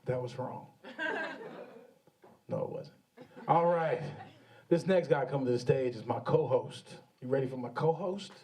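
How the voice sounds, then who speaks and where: A man's voice: mid-range voice, measured pace, long pauses, a little mellow, far from the mic. A man hosting a live comedy show, cursing freely and teasing the audience between acts on stage. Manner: brash, swearing, teasing the crowd. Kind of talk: profane stand-up banter.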